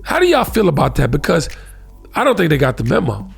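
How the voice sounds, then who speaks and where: An American man hosting a talk show, giving fiery, profane commentary that swings from shouts to hushed tones. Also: on the high side, huge pitch swings, fairly quick, gravelly, soft background music. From United States. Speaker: host.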